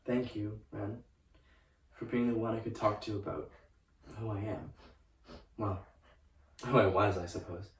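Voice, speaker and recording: A young man playing the tender ghost of a brother who talks softly and haltingly to his grieving sister in a student musical. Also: lowish voice, little pitch movement. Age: young adult. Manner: soft, pleading, halting. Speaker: student actor. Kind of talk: student musical theatre, spoken and sung. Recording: roomy stage sound from a distance, music behind.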